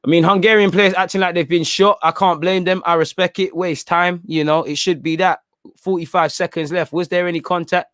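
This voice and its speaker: A young man hosting a live football watchalong, talking in an animated, slangy, opinionated way. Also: high voice, a little fast, dry recording, clean studio sound. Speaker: football channel host. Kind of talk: live match watchalong commentary.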